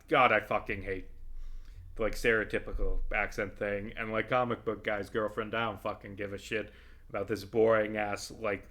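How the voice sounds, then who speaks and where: A man's voice: lowish voice, little pitch movement, moderate pace, pushed and bright. A man rambling through casual commentary while playing a video game, swearing freely and swinging into heated rants.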